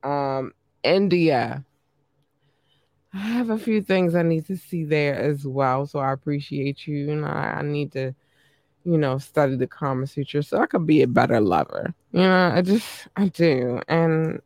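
A man hosts a podcast at an unhurried, drawn-out pace, chatting loosely with his listeners. His voice sits a little high for a man. The sound is dry and close, with no room echo. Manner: slow, chatty, laughs easily, shout-outs to listeners. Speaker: podcast host premiering music. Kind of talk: casual podcast talk.

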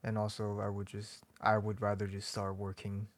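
Young man, soft hedging speech, fairly low voice, dry close sound. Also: monotone, normal speed, no echo. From China. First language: Chinese. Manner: soft-spoken, hedging, laughs often. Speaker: podcast guest, artist. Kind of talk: casual interview chat.

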